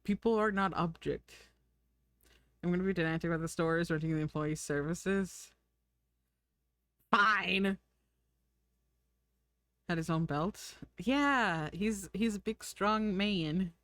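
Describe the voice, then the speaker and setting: A woman's voice: fairly low pitch, slow, pauses often, fairly bright tone, dry recording, studio quality. A young woman streaming, chatting casually and giggling while she draws and reads chat. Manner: chatty, giggly, thinks aloud.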